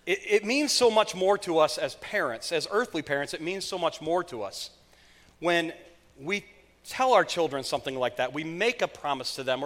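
A man's voice: a little high, fairly bright tone, long reverb tail. A man preaching a sermon as pastor, conversational and emphatic, often repeating his phrases. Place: church sanctuary.

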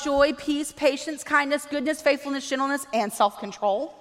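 High-voiced woman preaching in a big hall. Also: normal speed. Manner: animated, acts out quoted dialogue. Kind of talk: sermon. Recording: long reverb of a large hall.

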